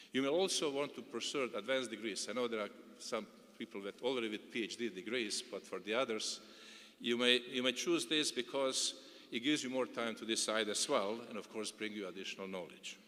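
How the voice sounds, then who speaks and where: A man's voice: medium pitch, pushed and bright. A middle-aged man from Bosnia and Herzegovina giving an earnest, advising commencement speech, often repeating words. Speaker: commencement speaker. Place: large indoor coliseum. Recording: long reverb of a large arena.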